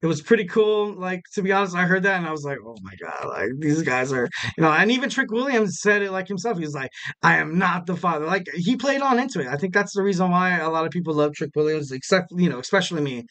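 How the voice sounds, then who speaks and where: Smooth-voiced young man rambling casually. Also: high voice, lively intonation, quick pace, hardly any pauses, fairly bright tone. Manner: loose and rambling, many fillers, jokey asides with laughs. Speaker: podcast host. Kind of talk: casual solo wrestling recap.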